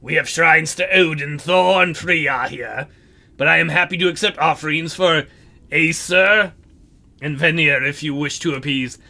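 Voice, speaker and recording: A man reading the lines of a calm, distant young woman priestess in a slow, measured way. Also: a little high, gravelly, full character voice.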